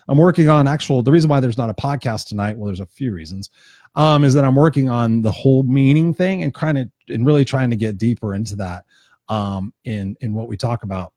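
A man's voice: mid-range voice, brisk, mellow, no echo. Man, motivational host, unscripted pep talk, swears a lot, hammers points home, dry sound. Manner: passionate and profane, repeats points for emphasis. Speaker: motivational speaker hosting a live stream.

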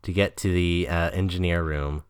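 A man's voice: low voice, steady tone, moderate pace, smooth, no room sound, clean studio sound. A man co-hosting a casual podcast, recapping a movie plot in a laid-back way with fillers. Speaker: podcast co-host.

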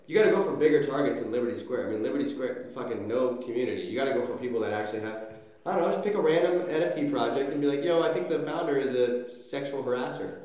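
Man, blunt provocative host, profane, phone mic, very echoey, mid pitch. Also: lively intonation, racing, a little mellow. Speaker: Web3 spaces host. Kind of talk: casual livestream chat.

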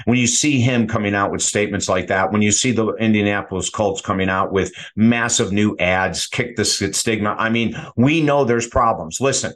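A middle-aged man, a sports psychology coach, telling stories with energy and acting out what people said. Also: lowish voice. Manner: energetic storyteller acting out quoted voices. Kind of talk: animated guest storytelling.

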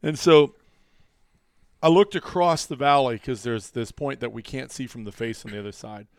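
With a clear, resonant voice of medium pitch at normal speed, a man co-hosting a relaxed hunting podcast spins stories and acts out the quotes of people in them. The studio-quality recording has no echo.

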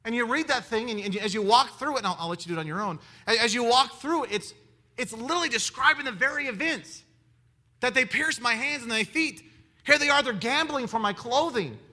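A man preaching a sermon in an animated way, firing rhetorical questions at his listeners. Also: very high voice, brisk. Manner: animated, asks the audience many rhetorical questions.

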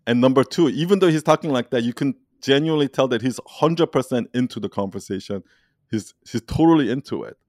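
A man leading an online community, talking casually in an animated, rambling way and laughing often. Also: medium pitch, a little fast, dry recording. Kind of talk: casual conversation.

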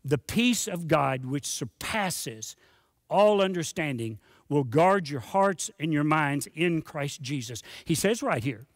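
A man's voice: on the high side, no echo, studio quality. A middle-aged man preaching a sermon as a pastor, earnest and conversational, repeating words for emphasis.

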